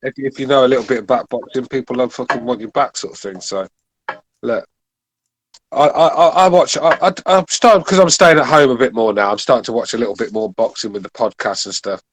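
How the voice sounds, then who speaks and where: A man's voice: mid-range voice, brisk, slight background noise. A middle-aged British man co-hosting a podcast in casual chat, often swearing and restarting his words. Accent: British English. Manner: stammering restarts, frequent swearing. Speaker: podcast co-host.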